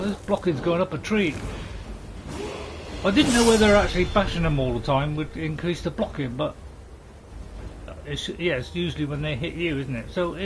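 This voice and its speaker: A man's voice: fairly high pitch, background noise. A man, a gaming host, giving jokey casual let's-play commentary and bantering with game characters.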